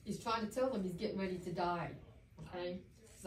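A woman telling a Bible story slowly and deliberately, stopping to explain with asides to her listeners. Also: lowish voice. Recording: roomy, distant mic, faint background hum.

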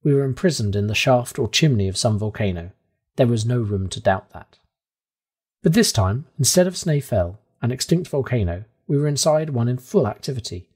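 A man narrating a classic novel aloud in a steady, measured first-person storytelling manner. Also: mid-range voice, breathy edge. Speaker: audiobook reader.

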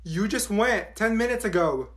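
A man's voice: sits high, lively intonation, moderate pace. A man voicing a whiny, rebellious teenage schoolgirl complaining to her teacher in a comedy sketch.

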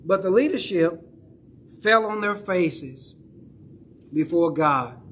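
A man's voice: high-pitched, lively intonation, takes it slowly, a bit bright, a little hiss or hum. A male pastor with a Southern accent preaching a sermon in a church, talking conversationally and checking in with the congregation. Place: church sanctuary.

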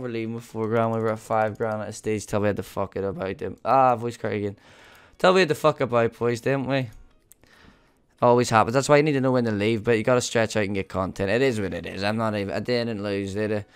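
A man doing live commentary on his slot play as a streamer, excitable and swearing often, talking to his viewers as "boys". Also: on the low side, clear, resonant tone. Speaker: gambling streamer.

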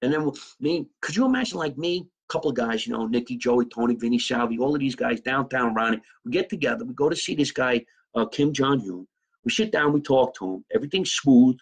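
Podcast comedy guy, raspy gravelly voice, just rambling and cussing thru a made-up story. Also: medium pitch, brisk, rough recording. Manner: rambling, profane, animated storytelling. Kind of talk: improvised comedic monologue.

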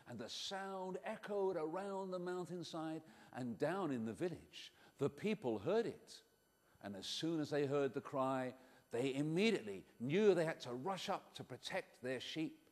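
A man from Singapore telling a story to children, taking the boy's part and swinging from hushed to shouting. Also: a little high, big-room sound. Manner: animated, with big swings between hushed and shouted. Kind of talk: live storytelling to children, playing the boy.

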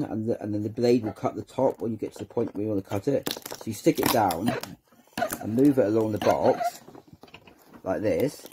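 Guy showing how a gadget works, low mellow husky voice, stops and repeats himself a lot. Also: slight background noise. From United Kingdom. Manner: hesitant, repeats words while handling the object. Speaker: channel host demonstrating a product. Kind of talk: unscripted how-to demonstration.

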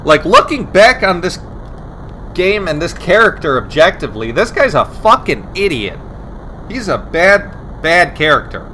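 A man giving profane, sarcastic, excitable commentary while playing a video game. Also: high-pitched, a little slow, slight background noise. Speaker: let's play host. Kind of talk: gameplay commentary.

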